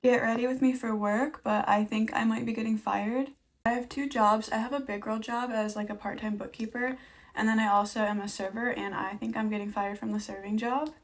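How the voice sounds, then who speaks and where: A woman's voice: fairly high pitch, fairly even intonation, fairly quick. A young woman who works as a server and bookkeeper, chatting casually in a get-ready-with-me vlog.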